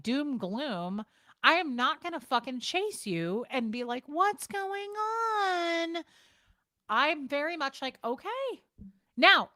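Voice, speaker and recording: A livestream host chats casually with her viewers from a home streaming setup in a slightly high voice that's bright and forceful. Her talk is blunt, profane, and fast-shifting, and no echo is present.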